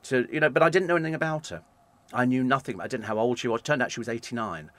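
A man, a radio presenter telling animated stories in an interview. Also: medium pitch, racing. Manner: animated anecdotes, acts out quoted voices. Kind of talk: storytelling in an interview.

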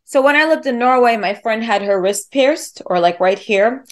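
A woman hosting a casual interview, reacting excitedly and chatting about her own experiences. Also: a little high, moderate pace.

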